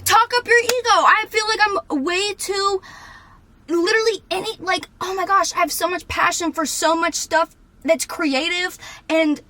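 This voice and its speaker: A woman in her twenties ranting unscripted to her camera, fired up and swearing, sometimes shouting. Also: very high-pitched, steady tone, measured pace. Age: 20s. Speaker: vlogger. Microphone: camera mic.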